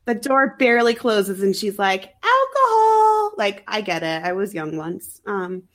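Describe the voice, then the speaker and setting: A woman's voice: mid-range voice, normal speed. Podcast co-host, female, slightly sick-sounding voice, wry chatty movie recap. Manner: chatty, wry, laughs often. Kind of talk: casual chat recapping a movie.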